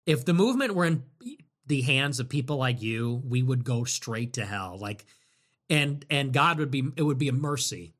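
Bright-voiced sarcastic male streamer. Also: mid-range voice, animated, normal speed. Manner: sarcastic, rambling, swings between loud and muttered. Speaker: livestream host. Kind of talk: casual livestream talk reading viewer messages.

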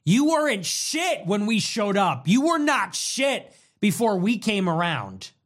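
A young man with a high, lively voice hosts a casual livestream. He riffs in a mocking, animated way and repeats phrases in quick bursts. His pitch swings widely as he goes. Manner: animated, mocking, riffing in rapid repetitions. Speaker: livestream host.

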